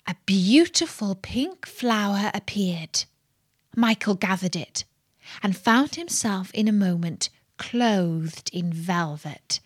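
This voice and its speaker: Slow, soft-spoken woman telling a bedtime story. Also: mid-range voice, no echo, clean studio sound. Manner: soft, slips into whispers.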